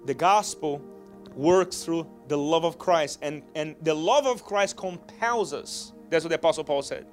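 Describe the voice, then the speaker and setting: Man, pastor, sermon, high voice, earnest storytelling, repeated restarts, builds to shouts. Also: measured pace, faint music behind.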